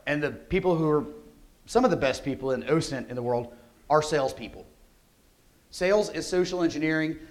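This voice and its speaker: A man giving a security conference talk, energetic and conversational, often asking rhetorical questions. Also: fairly high pitch. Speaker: conference speaker. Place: conference hall.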